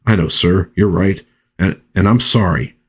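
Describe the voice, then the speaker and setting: A man's voice: deep voice, unhurried, breathy edge, full character voice. A man reading the lines of a brash, hot-tempered male superhero who blusters and swears. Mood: sheepish. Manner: angry, blustering.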